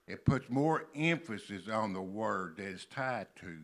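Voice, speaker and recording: An older man from Kentucky preaching a sermon in a church, slowly stressing and repeating key words. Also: medium pitch, lively intonation, a bit bright. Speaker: pastor. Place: church sanctuary.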